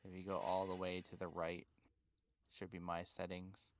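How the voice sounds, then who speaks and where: A man's voice: deep voice, completely flat delivery, normal speed, slight background noise. A man co-hosting a live stream, giving dry, matter-of-fact asides and instructions. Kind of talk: casual live-stream chat.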